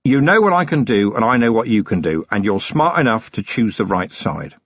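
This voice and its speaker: A man reading the part of a stern, middle-aged police commander who talks in a quietly threatening, clipped and ironic way. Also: lowish voice, very animated, a little fast, husky, dry recording, dull audio, full character voice. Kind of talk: audiobook character reading.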